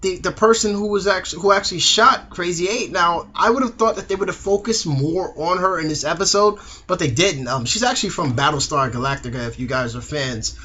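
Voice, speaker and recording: A man's voice: high voice, fairly quick, hardly any pauses, bright, forceful tone. A young man reviewing a TV episode in a casual, slangy way, acting out the characters' lines.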